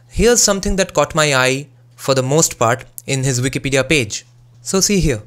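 A young man with a Bengali accent speaks in a voice pitched a little above most men's. He talks in a casual commentary style, builds opinionated arguments and keeps throwing rhetorical questions at the listener. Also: fairly bright tone. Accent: Bengali-accented English. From Bengal, India. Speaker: music analysis YouTuber.

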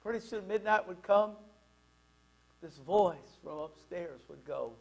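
A man preaching a sermon as a pastor, telling a personal story in an animated, conversational way. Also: high-pitched, unhurried, vocal fry, rough recording.

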